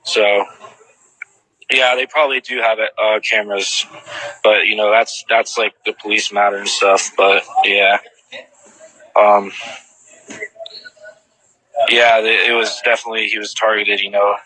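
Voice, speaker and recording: Bright-voiced man rambling with fillers. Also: on the low side, little pitch movement, measured pace, pauses often, dry recording, low-quality recording. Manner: rambling, heavy use of "like" fillers and restarts. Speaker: eyewitness answering viewer questions. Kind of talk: casual retelling to camera.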